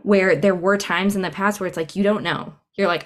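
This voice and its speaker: This woman, a cycle syncing coach guesting on a podcast, talks a little fast in a mid-range voice with fairly even intonation. The casual interview finds her reflecting conversationally, with frequent filler words.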